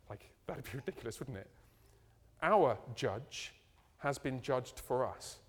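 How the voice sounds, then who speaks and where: Man, preacher, lively swinging pitch, rhetorical questions, church reverb. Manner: animated, rhetorical questions, ending in slow hushed prayer. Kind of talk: sermon.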